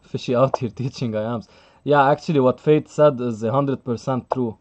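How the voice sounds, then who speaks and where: A man's voice: mid-range voice, moderate pace, darkish tone. A man commentating live chess on a stream, chatty and thinking aloud, laughing often and reading out the chat.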